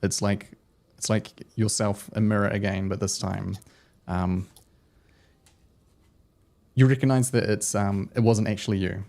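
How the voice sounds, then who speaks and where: A man's voice: fairly low pitch, steady tone, unhurried, vocal fry, a little mellow. A man running a tabletop role-playing game, narrating scenes with loose, searching phrasing and frequent filler words. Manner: descriptive narration with frequent ums and likes. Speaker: game master.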